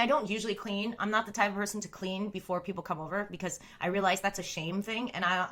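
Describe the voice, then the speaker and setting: A woman's voice: mid-range voice, sharp tone. Woman streamer in her thirties, chatty oversharer, filler-heavy and casual. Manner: rambling, oversharing, frequent "like" fillers and swearing. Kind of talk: casual live-stream chat.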